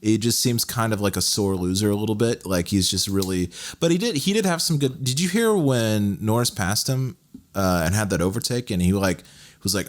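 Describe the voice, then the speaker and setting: A young man from Texas with a very low voice talks loosely on a podcast. He rambles through fillers, breaks into laughs and jumps up in pitch as he gets animated. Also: a little fast. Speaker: podcast co-host. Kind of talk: casual chat.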